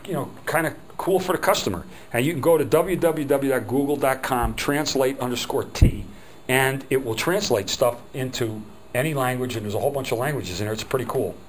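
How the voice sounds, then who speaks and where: A middle-aged man with a New Jersey accent talks his way through a business seminar in a loose, digressive manner, now and then breaking into voices for customers. His pitch sits in the middle range. There is a faint hum of room ambience behind him. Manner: chatty, digressive, acts out quoted customers. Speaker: business trainer. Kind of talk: informal seminar lecture.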